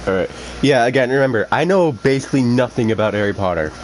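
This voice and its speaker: A man's voice: mid-range voice, expressive, fast talker. A man hosting a casual chat, teasing his friend, laughing a lot and swapping swears for milder words. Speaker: host. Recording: noisy home recording.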